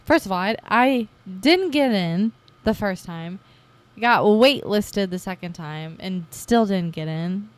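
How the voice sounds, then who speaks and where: A young woman in her twenties, hosting her own podcast, telling her story in a chatty, casual way and acting out her past self with lively jumps in voice. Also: mid-range voice, takes it slowly, clear, resonant tone, no echo. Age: 20s. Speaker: podcast host. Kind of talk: casual personal podcast monologue.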